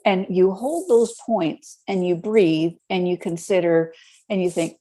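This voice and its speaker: Lively woman telling stories. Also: lowish voice, measured pace. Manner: lively storyteller, explains step by step. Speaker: podcast guest, health educator. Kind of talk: conversational interview.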